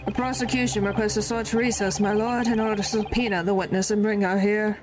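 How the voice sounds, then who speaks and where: A woman's voice: medium pitch, fairly even intonation, a little fast, music in the background, close to an everyday voice. A woman voicing a cold, proud male prosecutor in a courtroom game. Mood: haughty. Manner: formal, lofty courtroom speech.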